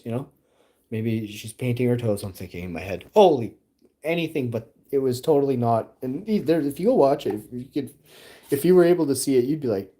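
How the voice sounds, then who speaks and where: Talking fairly quickly with lively intonation, this Canadian live-streamer has a mid-range voice. He chats casually with his viewers, rambling through stories that grow loud and laughing.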